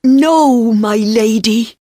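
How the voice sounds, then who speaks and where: A woman's voice: fairly high pitch, drawn-out words, breathy edge, voice pushed up, full character voice. A woman reading a storybook aloud, voicing a worried loyal maid.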